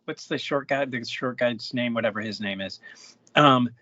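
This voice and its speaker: A man co-hosting a movie podcast, talking casually and haltingly, often repeating words. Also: mid-range voice, pushed and bright, no echo. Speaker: podcast co-host. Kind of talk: casual movie review chat. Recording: dull lo-fi dry sound.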